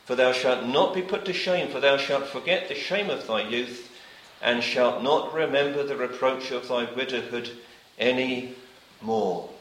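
A man preaching to a congregation, reading old scripture wording and then pressing each point home by repeating it. His voice is bright and clear, and it rings through an echoey church hall. His phrases often sink to a soft, quiet finish. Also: medium pitch, a little slow, hardly any pauses, slight background noise. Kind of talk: sermon.

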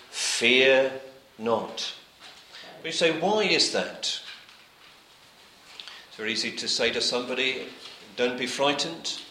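A man preaching a sermon, reading scripture aloud and repeating his points, often letting his phrases drop to a quiet close. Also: on the high side, echoey room, rough recording.

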